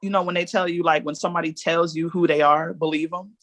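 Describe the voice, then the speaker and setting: A woman's voice: on the low side, fairly even intonation, quick pace, a bit bright, dry recording. A woman guest on a podcast, telling her own story candidly in long, earnest reflections.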